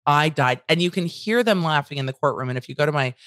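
A woman's voice: deep voice, animated, fast talker, fairly bright tone, no echo. Blunt woman recapping a trial. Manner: candid and blunt, swears casually. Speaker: legal commentary host. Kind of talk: casual trial recap commentary.

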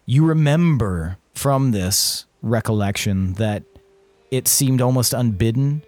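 Male GM, mid voice, relaxed storyteller who laughs easily. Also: medium pitch, takes it slowly, dry recording. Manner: relaxed, laughs often, descriptive. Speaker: game master. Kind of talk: narrating a tabletop game.

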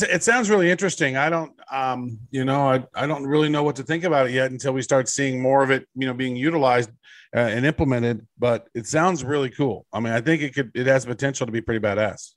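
A man's voice: mid-range voice, fairly quick, fairly bright tone, no echo. Laid-back rambling man, crude jokes. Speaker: podcast co-host. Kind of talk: casual podcast chat.

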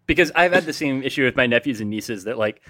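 A man's voice: medium pitch, expressive, fast, pushed and bright, dry recording. A middle-aged man from New Jersey co-hosting a podcast, rambling with lots of "like" and self-deprecating humor. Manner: rambling, self-deprecating, many filler likes. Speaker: podcast co-host. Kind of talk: casual chat.

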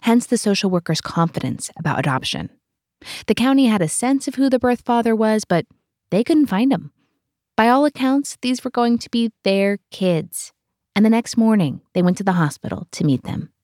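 A woman narrating a true story in an earnest, measured way, as the host. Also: on the high side, animated, darkish tone, no room sound, clean studio sound. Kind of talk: scripted narration.

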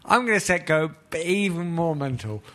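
A man, co-hosting a casual football podcast, lively and swearing as he talks. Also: a little high, moderate pace. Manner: lively, swears, laughs often. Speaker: podcast co-host.

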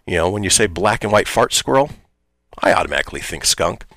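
A man's voice: sits low, fairly quick, no room sound. A man hosting a casual morning radio show, reading listener posts aloud and joking about them. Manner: lively, reads listener posts aloud with jokes.

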